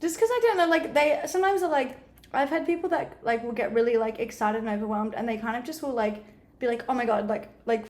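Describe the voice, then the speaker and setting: Fast, high-pitched giggly woman. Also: a little mellow, echoey room. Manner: quick, giggly, acts out quotes in a high squeal. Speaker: podcast guest. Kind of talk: casual chat.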